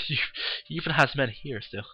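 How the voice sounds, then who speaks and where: A man's voice: medium pitch, normal speed, husky, dry recording, highs cut off. A tired man who yawns now and then, giving casual, rambling, blunt commentary on a game replay and swearing freely. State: tired, yawning.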